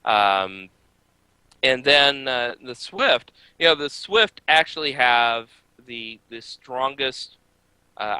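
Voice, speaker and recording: A man co-hosting a motorsport podcast, talking casually with many filler pauses. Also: mid-range voice, pushed and bright, clear, resonant tone, no echo, low-quality recording. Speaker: podcast co-host. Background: baby crying.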